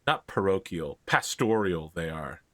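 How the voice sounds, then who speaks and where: A man narrating a tabletop role-playing game as game master, relaxed and playful. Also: sits low, measured pace, no room sound.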